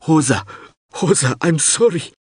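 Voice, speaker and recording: A frightened young shuttle pilot shouts in a high, panicked voice, as a man reads him. The tone is husky and raised well above a normal speaking voice. The sound is dry and close. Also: expressive, measured pace, no echo. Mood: tearful panic.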